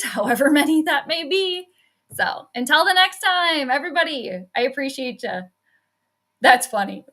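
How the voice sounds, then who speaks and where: A woman's voice: a little high, sharp tone. A woman casually chatting at home on her live stream, laughing often and saying "like" a lot. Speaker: sports astrology streamer. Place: home workspace.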